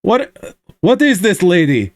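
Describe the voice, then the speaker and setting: A gruff male mercenary with a thick Russian accent , as a man puts him on while reading his story, his voice pushed well above his speaking pitch. He talks in blunt, broken English with a strange, altered tone, in a dry, close recording. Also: sing-song, takes it slowly, dry recording, heavily acted. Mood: exasperated. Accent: Russian, put on.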